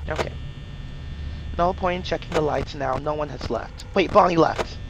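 A hoarse man with laryngitis playing a horror game and commenting as he goes, jumpy, shrieking and swearing when startled. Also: on the high side, background noise. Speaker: gamer streaming a horror game. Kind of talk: let's play commentary.

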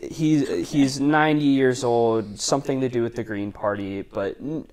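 A man's voice: mid-range voice, measured pace, a little mellow. A young adult man, a podcast guest and intern, telling a story in casual chat with plenty of "like" fillers. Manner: chatty, lots of "like" fillers.

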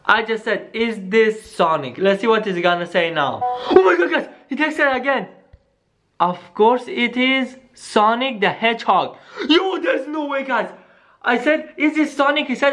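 Brief: excitable vlogger hosting a spooky phone-call skit, mid-pitched voice, talks to viewers, swings into hushed tension. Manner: excitable, keeps saying "guys", drops to hushed tones. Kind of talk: staged scary phone-call skit vlog.

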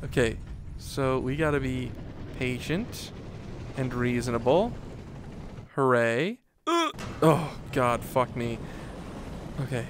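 A man commenting on a VR rollercoaster game, swearing, pleading and laughing, with frequent swings into panicked yelling. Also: medium pitch, animated, takes it slowly, long pauses, slight background noise. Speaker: gaming YouTuber. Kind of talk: VR gameplay commentary.

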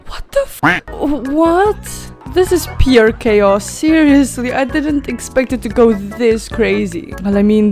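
Woman, high voice, slow easygoing delivery, excitable gaming commentary, gasps and exclamations. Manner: excitable, gasping and exclaiming at the chaos. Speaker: gaming video creator. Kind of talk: let's play commentary. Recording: faint game music behind.

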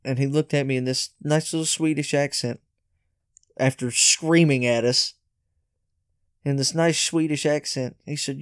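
A man's voice: mid-range voice, steady tone, unhurried, pauses often, dry recording. Laid-back man telling stories, dry sound. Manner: laid-back, hesitant with many uhs. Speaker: podcast guest. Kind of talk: casual storytelling.

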